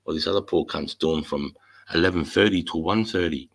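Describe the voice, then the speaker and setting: A man's voice: low voice, fairly quick, gravelly, low-quality recording. A middle-aged man with an Australian accent, chatting bluntly and swearing freely about army life as the host. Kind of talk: casual chat.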